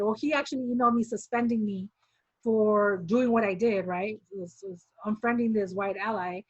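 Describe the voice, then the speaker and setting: A woman's voice: on the high side, no echo. Woman, former member telling her own story; talkative, re-enacts conversations, fillers galore; muffled, dry sound. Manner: talkative, acts out quoted dialogue, many "like" fillers. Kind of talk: casual personal storytelling.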